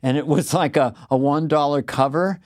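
An older man rambles through anecdotes with a comic's loose riffing, his voice sitting a bit high for a man. It is casual podcast chat with a guest in no hurry. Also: normal speed, darkish tone.

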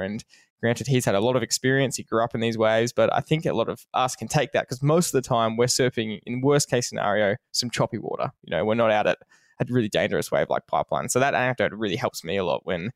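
A man hosting a podcast, telling a story in an animated, conversational way. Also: medium pitch, fast talker, no room sound, clean studio sound. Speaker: podcast host.

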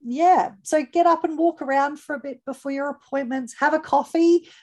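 A woman's voice: high voice, steady tone, moderate pace, darkish tone. A woman co-hosting a podcast, chatty and upbeat as she gives business tips. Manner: chatty and upbeat, laughs easily. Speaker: podcast co-host. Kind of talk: casual podcast chat giving business tips.

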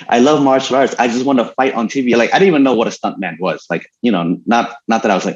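A man being interviewed about his martial arts life, telling stories in a relaxed, rambling way with many fillers. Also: mid-range voice, brisk, muffled recording. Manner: relaxed storytelling with many fillers and frequent laughs. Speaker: guest, stuntman and martial artist. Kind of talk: casual interview conversation.

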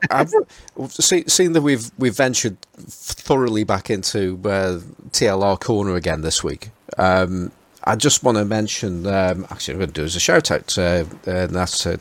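A man's voice: low-pitched, measured pace, few pauses, no echo. A man hosting a casual group chat, talking hesitantly with many fillers and restarts. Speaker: podcast host.

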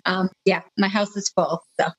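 A woman's voice: mid-range voice, steady tone, normal speed. A woman from Massachusetts, a guest on a remote call, chatting casually and laughing often. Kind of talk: casual chat.

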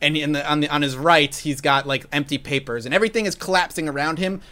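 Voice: mid-range voice, fast, pushed and bright. A podcast host telling a history story in casual chat, with a sarcastic, mocking manner.

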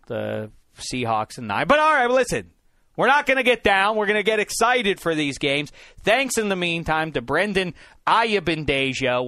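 A man's voice: a little high, pushed and bright, no echo, studio quality. A man hosting a sports podcast in casual, jokey chat, rambling with frequent restarts. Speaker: podcast host.

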